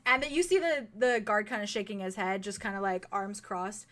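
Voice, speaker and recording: A woman's voice: medium pitch, brisk, a bit bright. A woman narrating a live-streamed tabletop game as game master, giggling and rambling through asides.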